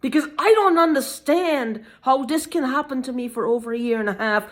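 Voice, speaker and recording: In a high voice, a woman gives an agitated monologue for a personal video, stopping and starting as she repeats herself. Swearing comes often, along with repeated phrases.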